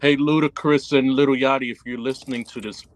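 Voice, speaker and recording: A man joins a livestream chat and jokes around, starting and restarting his sentences. His voice sits at a middling pitch in a close, dry recording. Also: fairly even intonation, no echo. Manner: halting, stammering, joking. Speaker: stream guest.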